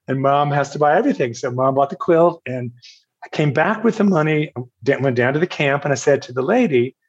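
A man's voice: fairly high pitch, lively intonation, moderate pace, breathy edge, highs cut off. An older man from Virginia, a podcast guest telling a story in a rambling, self-deprecating way, with restarts and chuckles. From Virginia, USA. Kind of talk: storytelling in an interview.

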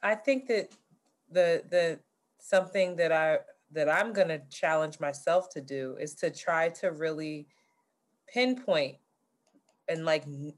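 A woman's voice: deep voice, unhurried. Blunt, laughing young woman co-host. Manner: blunt and profane, laughs often. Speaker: podcast co-host. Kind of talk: casual chat.

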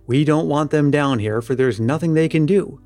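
A brisk, decisive police lieutenant in an old detective storybook, curious and in command, as a man reads him. The voice sits a little high, with faint music underneath. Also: a little mellow, no room sound, lightly acted.

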